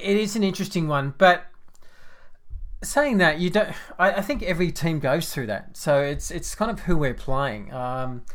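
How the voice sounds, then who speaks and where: A man's voice: a little high, a bit bright. A man with an Australian accent co-hosting a podcast, chatting casually about football with frequent restarts and fillers. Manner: rambling, many restarts and filler words. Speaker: podcast co-host. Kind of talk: casual footy chat.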